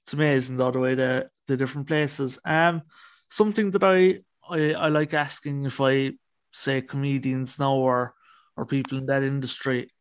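A man's voice: mid-range voice, steady tone, normal speed, clean tone, no room sound. A man hosting an interview podcast, asking loose, rambling questions with fillers. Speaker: podcast host. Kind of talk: casual interview chat.

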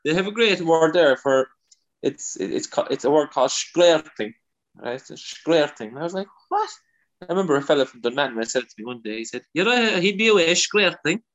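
A Kerry comedian from Ireland, guesting in a casual interview, speaks fairly quickly in a fairly high, expressive voice. The sound is lo-fi, and his loose talk keeps trailing into restarts and "you know."

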